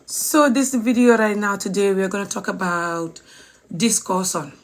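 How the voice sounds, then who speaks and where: A woman's voice: medium pitch, a little slow. A woman giving a casual language lesson on social media, talking to her viewers, repeating words and spelling them out letter by letter. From Gambia. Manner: chatty, addresses viewers as guys. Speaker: language teacher.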